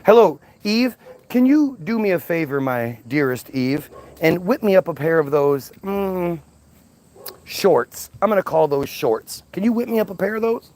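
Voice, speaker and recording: A man's voice: high voice, lively intonation, a little slow, a little mellow. A man voicing a dim-witted first man who swings between mock-formal speech and crude talk. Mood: mock-grand.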